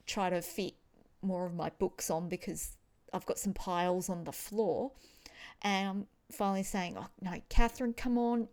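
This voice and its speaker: A woman chatting casually about books, with playful, expressive outbursts. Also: on the low side, measured pace. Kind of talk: casual chat.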